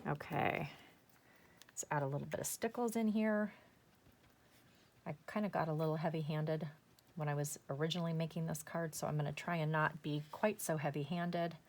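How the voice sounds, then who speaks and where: Low-voiced chatty craft tutorial woman. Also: vocal fry. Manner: chatty, enthusiastic, talks to herself while working. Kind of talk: casual step-by-step craft demonstration.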